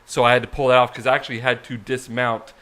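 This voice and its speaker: Bright-voiced man telling a story. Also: medium pitch, little pitch movement, fast talker. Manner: self-mocking, rambling storyteller. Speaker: podcast co-host. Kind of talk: casual chat.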